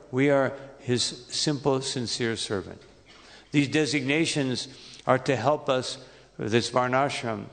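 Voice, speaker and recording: A gravelly, creaky-voiced man gives an unhurried temple sermon and often stops to search for words. His voice carries a long reverb through a large hall. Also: medium pitch. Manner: unhurried, halting, many fillers. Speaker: monk giving a lecture.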